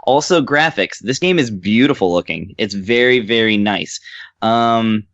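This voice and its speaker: A man's voice: fairly low pitch, measured pace, fairly bright tone, no room sound, lo-fi sound. A man co-hosting a podcast, chatting casually about a game he reviewed, rambling with lots of fillers. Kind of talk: casual chat.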